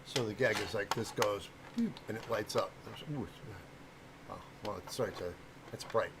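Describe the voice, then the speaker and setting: A man's voice: lowish voice, normal speed, background noise. A middle-aged man from the American Midwest chatting loosely with viewers on a livestream, rambling and stumbling over names. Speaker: livestream host and prop maker. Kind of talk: casual livestream chat.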